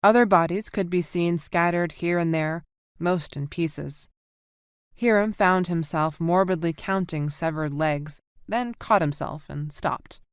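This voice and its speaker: A woman narrating a science fiction audiobook in a steady, even reading. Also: lowish voice, unhurried, clean tone, no echo, studio quality. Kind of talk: scripted narration.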